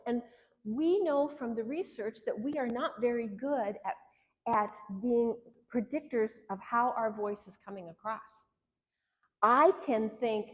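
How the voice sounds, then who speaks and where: A woman, a marriage therapist, teaching a workshop in an earnest, conversational way, acting out the lines she quotes. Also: fairly high pitch. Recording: long hall reverb.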